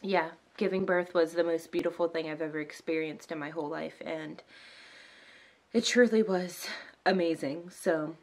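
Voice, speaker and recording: A young woman chats to her camera in a casual vlog, teary and emotional, her speech full of "like" and "um" fillers. Her voice sits a little low for a woman. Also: fairly even intonation, moderate pace, slight background noise. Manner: emotional, near tears, many "like" and "um" fillers. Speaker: vlogger, new mother.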